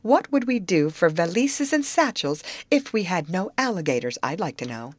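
A woman's voice: on the low side, sing-song, normal speed, dry recording. A woman voicing a practical young girl who talks in a dry, matter-of-fact way.

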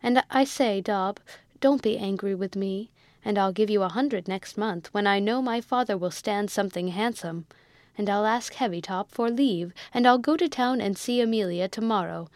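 A woman reads a proud young army officer who flares up fast and shouts in indignation, his lines pitched a little higher and louder than the narration. The recording is close and dry, with no room sound. It is read as an audiobook. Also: dry recording, lightly acted. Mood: pleading. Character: hot-tempered young male army lieutenant. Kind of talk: audiobook reading.

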